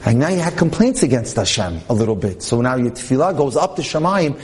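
A man's voice: mid-range voice, sing-song, fast, a little mellow. Male religious lecturer, mid-range voice, tells stories and translates from Hebrew. Slight background noise. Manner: storytelling, translating Hebrew quotes into English; mixes Hebrew terms into English speech. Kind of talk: inspirational Torah talk.

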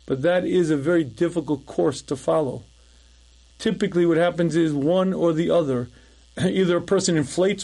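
High-voiced man giving a conversational lecture. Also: moderate pace, mellow. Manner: frequent throat clearing, conversational storytelling. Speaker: rabbi teaching a lecture. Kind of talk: recorded lecture with storytelling.

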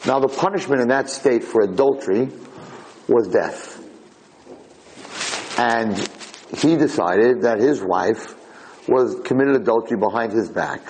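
Animated man telling a lecture story. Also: mid-range voice, measured pace, pauses often, a little hiss or hum, rough recording. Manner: animated storyteller, acts out dialogue, frequent "right?". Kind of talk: Torah lecture with personal stories.

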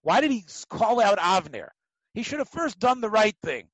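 A man teaching a Talmud class, telling the stories in an animated way, acting out the quotes and often restarting his sentences. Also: sits high, moderate pace, no room sound, rough recording. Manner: animated storytelling, acts out quotes, frequent restarts. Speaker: Torah teacher.

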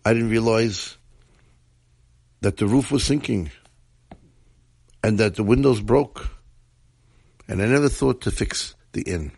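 A man's voice: on the low side, measured pace, creaky, pauses often, a little mellow, breathy edge, no echo, exaggerated voice. A man voicing a dying, repentant old innkeeper who pleads in a weak voice. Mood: pleading. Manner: pleading, remorseful confession.

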